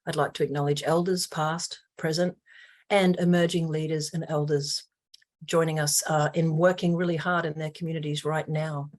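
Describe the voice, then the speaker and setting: An Australian woman with a low voice opens an online webinar as host. She speaks earnestly and formally, with plenty of ums and uhs along the way, heard over a video call. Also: level tone, moderate pace.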